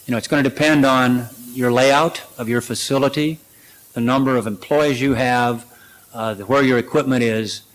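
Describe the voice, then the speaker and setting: A man at a conference lectern takes questions and answers them in a plain, practical way. His talk is loose and conversational, full of "you know" and "uh". His voice sits at a middle pitch for a man. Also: fairly even intonation, moderate pace, poor audio. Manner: practical, conversational, many fillers. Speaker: conference speaker. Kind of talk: presentation and Q&A.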